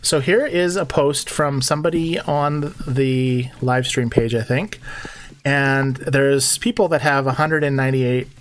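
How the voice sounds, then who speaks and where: A man's voice: medium pitch, a little slow, slight background noise. A man in his forties co-hosting a live stream in casual chat, joking and thinking aloud as he goes. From Canada.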